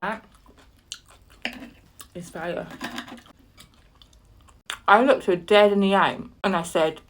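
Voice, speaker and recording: A woman telling an animated, exasperated story while eating, with sudden high-pitched outbursts and soft murmurs over her food. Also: takes it slowly, pauses often. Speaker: vlogger.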